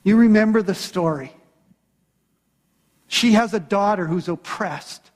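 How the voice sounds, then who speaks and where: A man's voice: sits high, a little slow, long reverb tail. A man preaching a sermon as pastor, retelling a story with voiced quotes.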